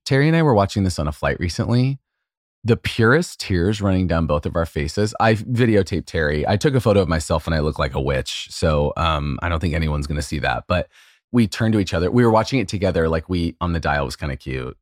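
A man with a notably deep, low voice, co-hosting a relaxed podcast chat. He tells stories in an emotional, gushing way, stacking up "like" and other fillers. The sound is dry and close, with almost no room around it. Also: brisk, dry recording. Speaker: podcast co-host. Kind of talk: casual chat.

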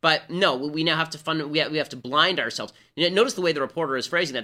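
Man, political talk host, rapid-fire delivery, sarcastic, lively pitch, bright sharp tone. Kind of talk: fast political monologue.

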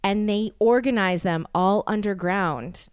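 A woman's voice: mid-range voice, measured pace, clean tone, dry recording, clean studio sound. An American woman in her thirties, a podcast host telling a story in a rambling, casual way, full of "like" and stammered restarts. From United States. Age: 30s.

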